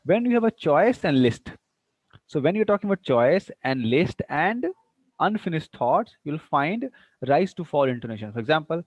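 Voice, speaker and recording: A man's voice: a little high, very animated, moderate pace, no room sound, muffled recording. A man giving an online lecture, patiently explaining and repeating examples with exaggerated rising and falling tones. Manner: frequent "you know" and "see" fillers. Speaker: university English lecturer.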